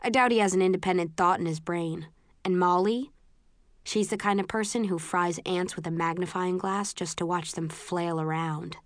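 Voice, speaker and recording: A woman voicing a blunt, sharp-tongued young woman in an audiobook, speaking wryly. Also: fairly low pitch, fairly even intonation, moderate pace, dry recording, studio quality, close to an everyday voice. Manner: blunt, wry.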